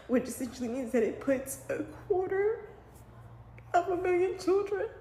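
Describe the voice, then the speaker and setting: A woman talks directly to her viewers, emotional and close to tears as she reacts. Her voice sits in an echoey room with a faint noise underneath. She speaks at a middle pitch. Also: darkish tone. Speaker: mom and online commentator. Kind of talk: casual reaction commentary.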